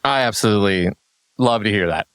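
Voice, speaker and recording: A man's voice: lowish voice, fairly quick, fairly bright tone, smooth, dry recording. A man hosting a casual interview, talking in an enthusiastic, slangy way full of filler words. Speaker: interview host.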